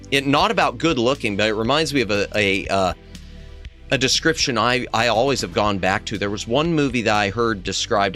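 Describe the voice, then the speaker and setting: A man streaming as a VTuber, chatting casually with his viewers in a rambling, self-correcting way, his throat strained. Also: bright, forceful tone. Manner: rambling, self-correcting, jumps to high squeaky exclamations. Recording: faint music behind the voice.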